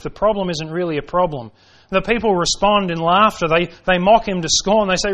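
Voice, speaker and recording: A man's voice: high voice, a little fast, fairly bright tone. A man preaching an evening sermon in a dramatic style, full of rhetorical questions, who acts out the voices he quotes. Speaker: pastor.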